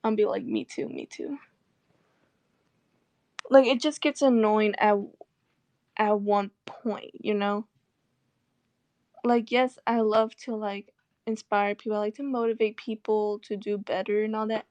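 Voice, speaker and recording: A woman's voice: medium pitch, fairly even intonation, unhurried, a little mellow, no room sound. A young woman vlogging in a casual chat, rambling and swearing with sarcastic asides. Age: young adult.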